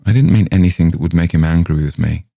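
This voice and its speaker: Fragile despairing young woman, read by a man in a dull little voice, dark and dry. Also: deep voice, quick pace, vocal fry, dry recording.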